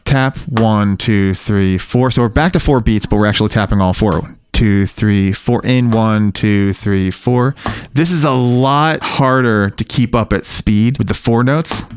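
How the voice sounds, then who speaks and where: A man teaching drum technique in a recording studio, counting beats out loud in an easygoing way as he plays. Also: lowish voice, slight background noise. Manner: relaxed, counts beats aloud while playing. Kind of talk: instructional demonstration with counting. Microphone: studio mic near the drum kit.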